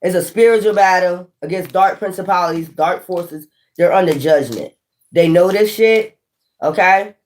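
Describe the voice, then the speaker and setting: A tarot reader giving a casual spiritual monologue, preachy and excitable, swearing often, laughing, and rambling with frequent restarts. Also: mid-range voice, moderate pace.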